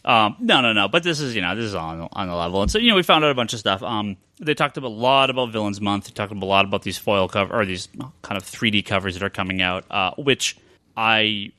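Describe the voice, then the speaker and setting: Bright, dry-sounding man rambling on a podcast. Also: on the low side, lively intonation, dry recording. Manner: rambling, many filler pauses. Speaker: podcast host and comic book retailer. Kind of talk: casual podcast chat.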